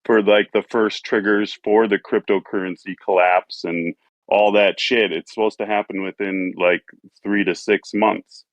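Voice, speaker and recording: Low-voiced joking co-host man. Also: no room sound, highs cut off. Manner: joking, rambling, profane. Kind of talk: casual chat.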